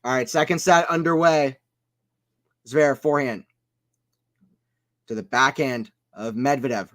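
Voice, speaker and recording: A man giving casual play-by-play commentary on a tennis watchalong stream, chatting with viewers between points and getting loud on big shots. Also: mid-range voice, measured pace. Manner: chatty, reads chat aloud between points.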